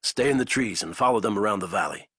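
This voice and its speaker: A man voicing a weary, determined soldier who speaks in short, steady lines with a husky voice. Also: fairly low pitch, quick pace, no echo, studio quality.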